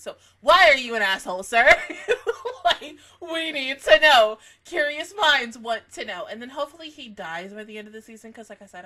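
A woman with a fairly high voice gives a casual anime reaction review. She's excitable and swears, swinging between laughter and mock crying.

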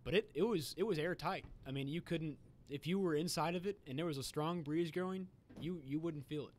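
A young man guesting on a podcast, telling stories in an animated, swearing casual chat. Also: fairly high pitch, a little fast.

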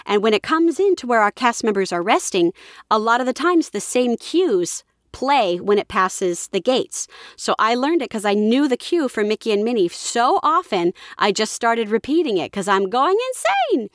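Animated woman, dry close mic. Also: a little high, moderate pace, dry recording. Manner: enthusiastic, animated, often slips into voices. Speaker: voice actress guest. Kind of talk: casual interview chat.

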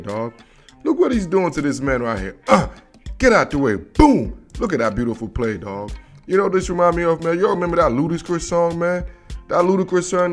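A man hosting a football film breakdown, talking in a hyped, slangy casual way and calling people "dog" and "bro". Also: medium pitch. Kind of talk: excited casual film-room commentary. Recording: faint background music.

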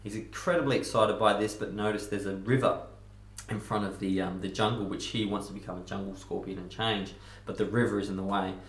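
A man tells a fable in a casual, conversational way and leans on frequent fillers. His voice is on the low side. A roomy echo hangs around every word. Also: fairly even intonation, fairly quick. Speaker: self-help speaker. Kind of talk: storytelling in a self-help talk.

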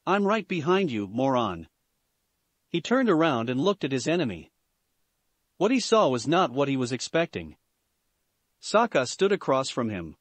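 Man reading a story, lively pitch. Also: no echo. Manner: steady storytelling. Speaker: narrator. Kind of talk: reading fan fiction aloud.

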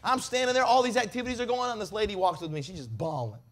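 High-voiced evangelist spinning a story. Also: male voice, fast talker. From Mississippi. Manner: animated, comic storytelling with quoted voices. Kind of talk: revival sermon storytelling.

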